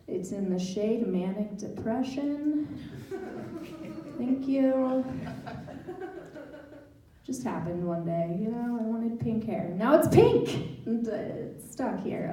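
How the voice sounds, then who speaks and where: A woman doing a stand-up set, with awkward, self-deprecating humor and nervous laughs. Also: a little high. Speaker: guest stand-up comic. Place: library event room with live audience. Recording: echoey room miked from far off, faint noise.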